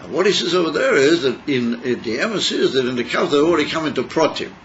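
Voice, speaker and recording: Halting man teaching a class. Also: a little high, sing-song, slight background noise. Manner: halting, repeats words, mixes Hebrew terms. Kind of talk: Chassidus class. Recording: muffled class recording.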